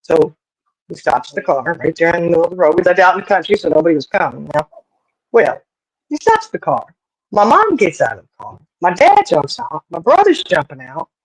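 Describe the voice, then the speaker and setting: A storyteller telling a family tale in a folksy, animated, rambling way with many asides. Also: medium pitch, a little fast, dry recording, low-quality recording. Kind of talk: casual storytelling.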